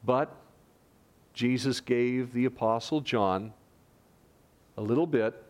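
A man preaching a sermon as a pastor, lively, rising loud for quoted lines and dropping to hushed tones. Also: medium pitch, slow.

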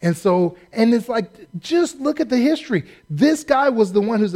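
A man preaching a sermon in a folksy, animated way, acting out the people in his story. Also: very high-pitched, moderate pace, few pauses. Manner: folksy, animated, acts out quotes. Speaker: pastor.

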